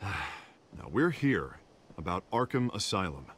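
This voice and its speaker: A man's voice: deep voice, big pitch swings, slow, fairly bright tone, slight background noise, full character voice. An actor playing an easygoing male district attorney giving a friendly, formal public speech.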